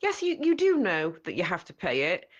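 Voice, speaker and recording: A woman's voice: lowish voice, wildly swooping pitch, moderate pace, highs cut off. Emphatic woman caller to a radio show. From England. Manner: emphatic, matter-of-fact opinions. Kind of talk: phone-in call.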